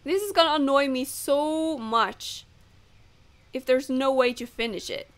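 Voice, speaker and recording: A woman's voice: high voice, measured pace. A woman who is not a native English speaker, chatting casually over gameplay and laughing off her own misreads. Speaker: gamer.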